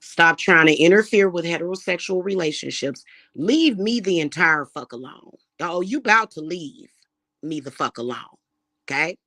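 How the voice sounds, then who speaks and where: A woman's voice: fairly low pitch, lively intonation, normal speed, fairly bright tone, no room sound, clean studio sound. A woman delivering a heated, profane vlog rant, repeating her points. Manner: heated, profane, repetitive ranting. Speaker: spiritual reader and vlogger. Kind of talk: angry monologue vlog.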